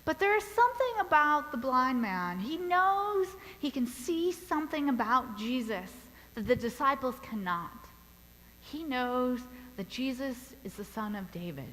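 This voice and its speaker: Woman pastor, sermon, deliberate storytelling, bright ringing tone, long church reverb. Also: high-pitched, very animated. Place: church sanctuary.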